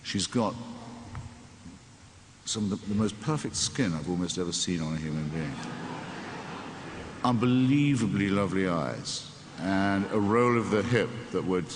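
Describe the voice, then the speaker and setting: Wry deep-voiced Englishman in a hall. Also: animated, unhurried, pauses often. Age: 60s. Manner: wry, sardonic, digressive. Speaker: interview guest. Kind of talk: onstage conversation before an audience. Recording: echoey hall, faint room noise.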